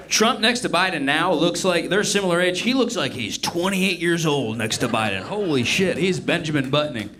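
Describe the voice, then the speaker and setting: A male comedy podcast host riffs in a profane, animated style. His voice runs high, and a noisy crowd sits clearly behind him. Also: normal speed, few pauses. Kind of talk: comedic casual chat.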